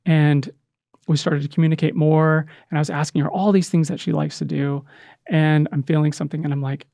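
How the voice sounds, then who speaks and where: A middle-aged man telling an emotional personal story in conversation, earnest and halting, with many restarts. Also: on the high side, little pitch movement, gravelly, mellow, no echo. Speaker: podcast guest, adoptive father.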